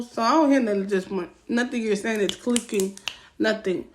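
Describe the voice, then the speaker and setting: A young woman with a Southern US accent, telling a story-time vlog in a casual, loud and profane way, acting out what people said. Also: medium pitch, moderate pace. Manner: animated, loud and profane, acting out quotes with rising heat.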